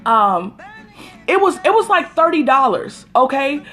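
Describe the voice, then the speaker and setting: A woman with a high, sing-song voice, pushed and bright yet unhurried, hosts a casual livestream from her phone with soft music in the background. She tells an exasperated story, greeting viewers by name along the way.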